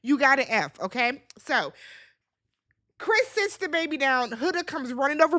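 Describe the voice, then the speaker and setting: A woman with a high voice recaps a reality show in a casual vlog. She is blunt, sassy and freely profane, and she talks straight at her viewers as if they were friends. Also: very animated, normal speed, fairly bright tone.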